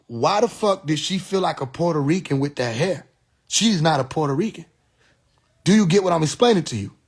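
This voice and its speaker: A man's voice: sits high, breathy edge. A man hosting a live stream, talking in a preachy, profane monologue and laughing at his own jokes.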